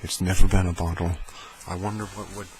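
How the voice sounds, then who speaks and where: A man speaking softly for an ASMR video, slow and playful as he demonstrates sounds at home. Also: little pitch movement. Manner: slow deep soft-spoken, playful and rambling. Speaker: ASMR creator. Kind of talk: ASMR soft-spoken demonstration. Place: home room with heater fan running. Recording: low-quality recording with fan noise. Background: heater fan hum.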